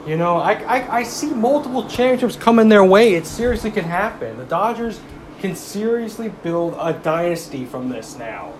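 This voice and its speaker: Against background noise, a young man rants about baseball in a high-pitched, sing-song voice at a moderate pace. Sounding like a sports commentator, he heatedly mocks rival fans and swears.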